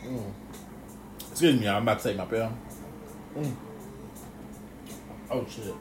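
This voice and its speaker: A man chatting casually on his vlog, animated, swearing freely and laughing often. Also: lowish voice, a little slow, heavy background noise. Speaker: blogger.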